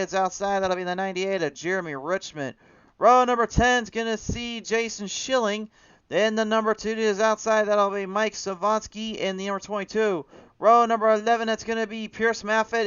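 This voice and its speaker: A man's voice: high-pitched, fairly bright tone, clean tone, no room sound, lo-fi sound. A man calling a sim racing event, reading the starting lineup and giving hyped play-by-play commentary. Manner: rapid hype announcer reading a long lineup, self-correcting.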